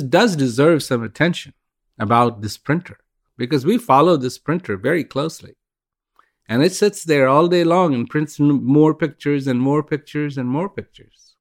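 Older man telling a reflective story, gravelly. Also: mid-range voice. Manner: reflective, with many restarts. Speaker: speaker and podcast host. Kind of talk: storytelling talk on inner life.

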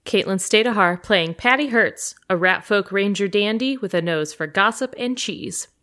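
A woman's voice: medium pitch, moderate pace, sharp tone. A woman, a player in a tabletop actual-play show, teasing wryly. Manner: wry, teasing. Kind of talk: casual actual-play banter.

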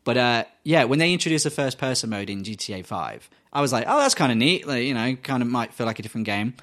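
A man's voice: mid-range voice, expressive, fast talker, fairly bright tone. Giggly man rambling on a podcast. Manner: rambling storytelling, frequent laughter, swearing. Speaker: podcast co-host. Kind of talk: casual podcast chat.

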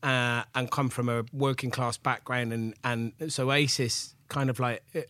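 A man in his forties from England, an animated chef rambling through stories as a podcast guest, with lots of fillers and laughs. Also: medium pitch, unhurried, no room sound. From Gloucester, England. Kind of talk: casual storytelling chat.

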